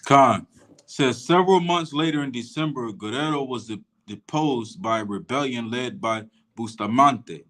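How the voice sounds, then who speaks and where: Guy reading history out loud in a podcast chat, slow, trips on names. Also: mid-range voice. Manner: reads slowly, stumbling over foreign names. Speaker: co-host reading aloud. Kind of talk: reading a text aloud with commentary.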